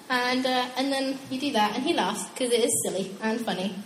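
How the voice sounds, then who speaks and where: A young woman preaching a casual, animated sermon, chatty and quick to laugh at her own asides. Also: high-pitched, slight background noise. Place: church hall. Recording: echoey hall with long reverb.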